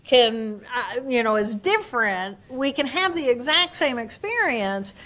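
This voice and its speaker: A woman with a somewhat high voice talks as a guest neuroanatomist. She explains in a lively way and slips into quick acted-out voices to make her points. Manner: animated, acts out examples in voices. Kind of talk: explanatory interview talk.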